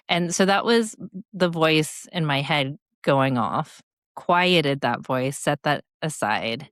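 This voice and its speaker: A woman's voice: low voice, expressive, slow pace, a bit bright, dry recording, clean studio sound. A woman in her forties, a guest speaker and coach, telling stories in a reflective, coaching tone during a podcast interview.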